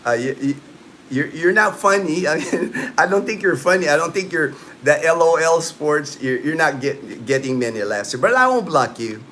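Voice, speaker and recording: A man's voice: a little high, lively intonation, moderate pace, fairly bright tone, a little hiss or hum. A man in his late fifties hosting a casual livestream, rambling loosely and answering viewers' comments. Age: late 50s. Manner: rambling, loose talk full of "you know" and "man". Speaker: livestream host. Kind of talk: casual live-stream chat with viewers. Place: at home in the Philippines.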